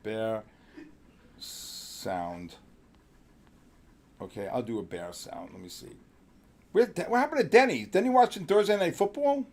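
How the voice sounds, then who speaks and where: A man runs a live trading stream, reacting loudly and excitedly to market moves. He bickers in exasperation with his crew between calls, in a voice pitched a little high. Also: a little slow, long pauses. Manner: excitable, loud outbursts, exasperated banter. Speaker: trading show host.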